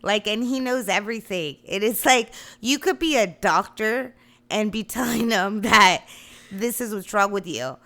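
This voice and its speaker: A woman telling profane, animated stories in casual chat. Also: medium pitch, unhurried. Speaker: guest.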